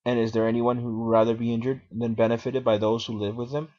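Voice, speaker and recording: A man performs the part of an old male philosopher on trial, speaking fast but with flat delivery in a mellow, natural mid-range voice. The defiant, argumentative reading, full of questioning, comes through a dull lo-fi recording.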